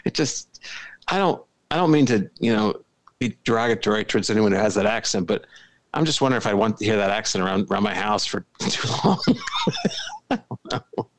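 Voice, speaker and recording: A man's voice: on the low side, wildly swooping pitch, a little fast, pauses often. A man from Philadelphia co-hosting a podcast, chatting casually and joking at his own expense with frequent giggles. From Philadelphia, USA. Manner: joking, giggly, self-deprecating. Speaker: podcast co-host. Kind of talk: casual chat.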